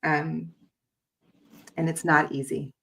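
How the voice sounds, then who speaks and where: A woman hosting a podcast interview with a notably low-pitched voice. She is sympathetic and keeps the talk going with short affirming replies. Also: little pitch movement, takes it slowly, vocal fry, bright, forceful tone. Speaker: podcast host. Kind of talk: interview conversation.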